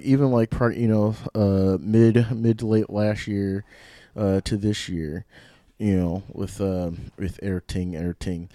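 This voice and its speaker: A man's voice: lowish voice, warm tone, dry recording, clean studio sound. Rambling, laughing male radio host. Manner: rambling, laughs often, restarts sentences; self-described mildly loopy. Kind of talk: casual radio chat. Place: radio studio. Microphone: studio microphone.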